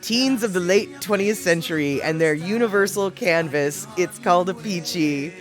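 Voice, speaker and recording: A woman livestreaming, rambling casually and greeting viewers in the chat. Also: on the low side.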